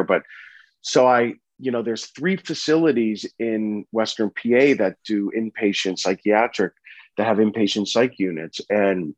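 Guy in his 30s telling his story, kinda low voice, stops and restarts a lot, dry close sound. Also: dry recording, highs cut off. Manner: halting, earnest, frequent restarts and fillers. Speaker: interview guest sharing a personal story. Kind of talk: candid personal storytelling.

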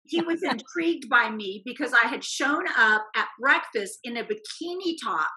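A woman telling a personal faith testimony as a guest, animated and acting out the voices in her quotes. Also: on the high side, normal speed, rough recording.

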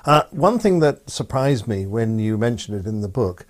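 A man's voice: medium pitch, very animated, normal speed. A man hosting a podcast, asking interview questions politely with hesitant fillers. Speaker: podcast host.

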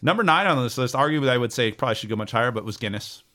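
A man co-hosts a casual podcast and works through a researched list of facts. His voice sits at a middle pitch, and he trips over words now and then. He jokes along the way. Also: lively intonation, rapid-fire, sharp tone. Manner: reads a list with jokes and stumbles.

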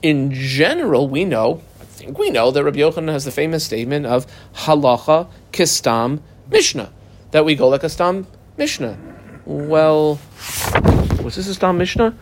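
A man teaching a Talmud page, reading the Aramaic text aloud and explaining it in casual, lively English. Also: a little high, moderate pace, slight background noise.

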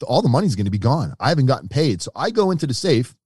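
A man's voice: medium pitch, very fast, husky, dry recording, clean studio sound. A middle-aged man, a podcast guest telling his own story and acting out the voices of the people in it. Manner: animated storyteller, acts out quoted voices. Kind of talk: storytelling in an interview.

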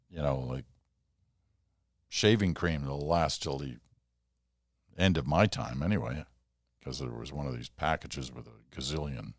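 A man's voice: very deep voice, no echo, studio quality. An older man hosting a solo podcast, chatting in a rambling way with self-deprecating asides. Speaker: podcast host. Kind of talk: casual solo podcast monologue.

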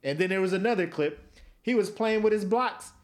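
A man's voice: high-pitched, a little fast. A man co-hosting a podcast, telling stories in a casual comedic chat and slipping into silly voices. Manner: animated storytelling, slips into silly voices. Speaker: podcast co-host.

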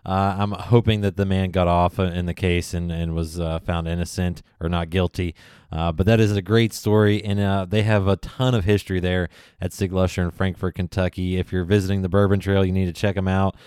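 A man with a low, smooth voice hosts a podcast and introduces clips with easy enthusiasm. The sound is dry and close, with no room around it. He talks casually and fills pauses with "uh". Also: little pitch movement, a little mellow, no room sound. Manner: enthusiastic, chatty with many fillers. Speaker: podcast host. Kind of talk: casual recap narration.

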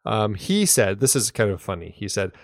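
A man's voice: lowish voice, big pitch swings, normal speed, vocal fry, no echo, studio quality. A man co-hosting a podcast, chatting casually and enthusiastically about a film and often restarting his sentences. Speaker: podcast co-host.

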